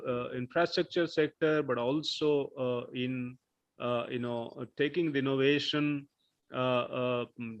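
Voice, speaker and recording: A man giving a session chair's closing remarks, halting and full of filler sounds. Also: medium pitch. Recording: muffled lo-fi sound.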